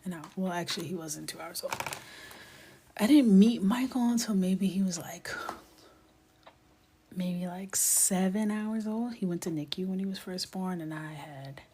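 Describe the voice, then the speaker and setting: A woman's voice: fairly low pitch, measured pace, dark tone, a little hiss or hum. Chatty woman, half-whispering while coloring. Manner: chatty storytelling, often drops to a whisper, laughs a lot. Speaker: coloring livestream host. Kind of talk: casual chat while coloring.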